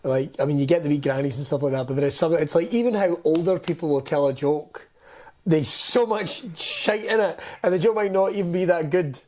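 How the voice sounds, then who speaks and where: A Scottish man co-hosting a podcast, swearing and laughing through lively stories. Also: on the high side, brisk. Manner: sweary, laughing, animated storytelling. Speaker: podcast co-host. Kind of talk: casual chat. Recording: roomy echo, faint noise.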